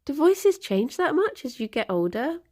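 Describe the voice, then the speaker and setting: A woman's voice: high-pitched, sing-song, normal speed, dark tone. A woman in her thirties, chatting casually and rambling as she streams. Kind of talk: casual chat. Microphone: desk microphone.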